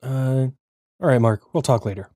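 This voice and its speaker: A man's voice: mid-range voice, moderate pace, warm tone, no echo, studio quality, close to an everyday voice. A man voicing a polite, inquisitive young male detective in a game. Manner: questioning, polite.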